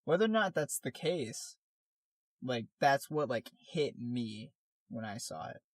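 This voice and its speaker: A man co-hosting a casual podcast at a middling pitch, rambling and circling back as he searches for words. The recording is dry and close, with no room around it. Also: expressive, measured pace, dry recording. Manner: rambling, many fillers and restarts. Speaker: podcast co-host, artist. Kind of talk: casual chat.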